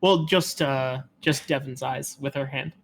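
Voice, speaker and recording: A man's voice: mid-range voice, a little slow, gravelly, a little hiss or hum. A man playing a tabletop game in casual chat, hesitant and full of ums.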